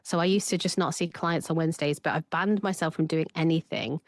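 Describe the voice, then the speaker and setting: Woman therapist chatting on a podcast, lowish voice, bouncy, dry sound. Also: brisk, dry recording. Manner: lively, acts out her own inner voice. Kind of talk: casual podcast chat.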